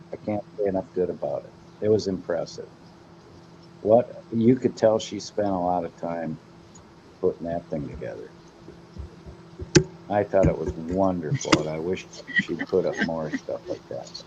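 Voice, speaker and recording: A man's voice: low voice, warm tone, dull audio, slight background noise. A man chatting casually in a group, easygoing and playful, chuckling often.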